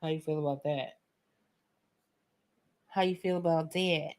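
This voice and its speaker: Slow, low-voiced New York woman chatting. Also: steady tone, darkish tone. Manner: chatty and playful, talks to viewers as friends. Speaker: art tutorial host. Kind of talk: casual painting tutorial chat.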